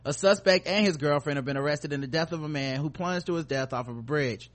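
Guy on a podcast reading the news then cracking crude jokes, kinda high voice. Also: fast. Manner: profane, joking, laughs between stories. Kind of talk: casual comedic chat and news reading.

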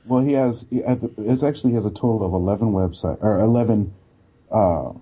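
A man co-hosting a casual chat, laid-back and quick to laugh. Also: lowish voice, slightly rough. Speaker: podcast co-host. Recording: dull lo-fi sound.

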